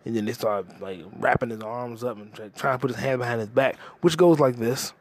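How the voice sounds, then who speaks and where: A man talks into the mic for his comedy podcast, ranting in a loose, profane way. His voice sits in a middle range, and he leaps from one gripe to the next without pausing for breath. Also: mid-range voice, no room sound. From United States. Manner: profane, ranting, jumps between topics. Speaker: podcast host. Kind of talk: casual comedic monologue.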